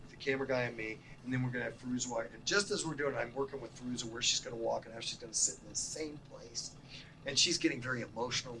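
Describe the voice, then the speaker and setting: A middle-aged documentary producer teaching a masterclass, telling stories from shoots with lively acted-out dialogue and sudden drops to near-whispers. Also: male voice, mid-range voice, a little hiss or hum, low-quality recording. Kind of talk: animated storytelling lecture.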